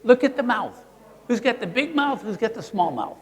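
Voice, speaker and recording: A man presenting a live workshop, playful and animated, quizzing the audience as he teaches. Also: very high voice, normal speed, big-room sound. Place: seminar room with an audience.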